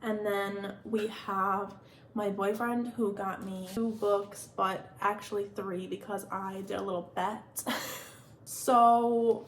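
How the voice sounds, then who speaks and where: Young woman, twenties, casual vlog chat, rambling, giggly, mid-pitched, faint background hiss. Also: steady tone, takes it slowly. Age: 20s. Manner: chatty, rambling, full of "like" fillers; giggly and self-deprecating. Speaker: book vlogger.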